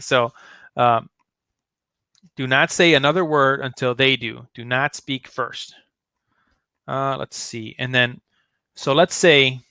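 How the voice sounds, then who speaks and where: A man's voice: medium pitch, sharp tone, clean tone, dry recording. A man giving a casual sales training talk, chatty and full of fillers, acting out sample phone lines. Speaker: network marketing trainer.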